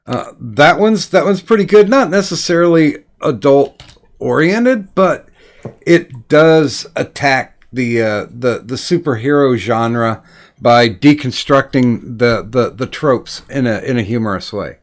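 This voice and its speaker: A man with a middle-pitched voice talks in a casual podcast chat. He is hesitant, stumbling and repeating words as he works through his thoughts. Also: expressive, a little slow.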